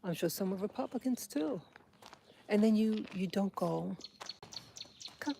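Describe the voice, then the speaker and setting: A woman with a slow, gravelly, mellow voice speaks in a halting, angry monologue full of pauses and restarts. She is outdoors, with faint birds and rural sounds behind her. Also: medium pitch, animated, a little hiss or hum. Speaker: vlogger. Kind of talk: political monologue.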